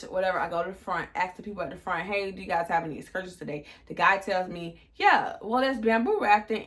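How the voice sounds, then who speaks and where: Young female vlogger, twenties, crisp bright tone, casual profane storytelling. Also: mid-range voice. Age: 20s. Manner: animated, profane, acts out quotes.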